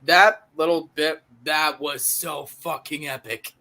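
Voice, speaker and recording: A man's voice: fairly high pitch, fairly even intonation, slow, pushed and bright. A man talking about a film in casual chat, enthusiastic and slangy. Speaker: film reviewer. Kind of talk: casual movie review chat.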